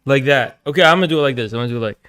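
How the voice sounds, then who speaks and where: A man streaming casually, crude and profane, talking loudly and excitably. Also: medium pitch, racing, clean tone. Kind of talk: casual livestream chat. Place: outdoors on a windy street.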